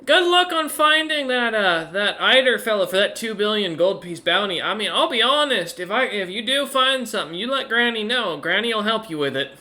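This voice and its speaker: A man's voice: high voice, expressive, brisk, hardly any pauses, sharp tone, pitched above the performer's own voice, full character voice. A man doing a scheming old granny shopkeeper. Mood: folksy. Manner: folksy, gossipy, grandmotherly drawl.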